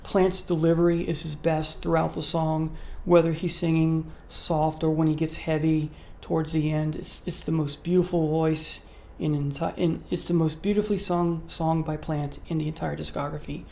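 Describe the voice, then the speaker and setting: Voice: medium pitch, little pitch movement, moderate pace, gravelly, hardly any pauses, warm tone. A channel host giving an unscripted spoken review to camera, earnest and admiring, with frequent ums and uhs. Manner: earnest, admiring, gets emotional about the music. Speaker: music video host ranking songs.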